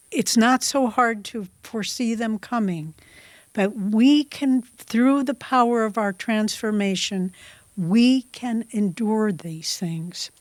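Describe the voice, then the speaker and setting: A woman giving a devotional class talk, telling a spiritual story slowly and softly. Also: medium pitch, no echo. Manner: slow, devotional, soft-spoken. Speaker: spiritual teacher.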